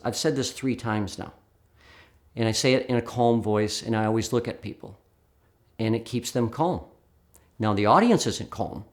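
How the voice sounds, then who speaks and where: Animated man retelling a stage demonstration. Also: mid-range voice. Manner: animated, acts out dialogue with voice changes. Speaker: speaker explaining a demonstration. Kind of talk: storytelling talk to camera.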